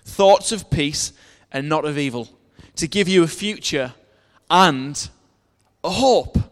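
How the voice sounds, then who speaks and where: A man's voice: fairly high pitch, expressive, takes it slowly, long reverb tail. A man preaching a sermon in earnest, telling a personal story and reading verses aloud, with frequent restarts.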